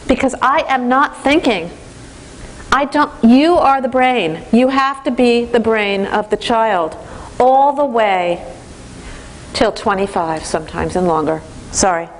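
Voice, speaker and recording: A woman giving a parenting training lecture in an animated way, acting out the voices of teens and parents. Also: a little high, a little slow, slight background noise.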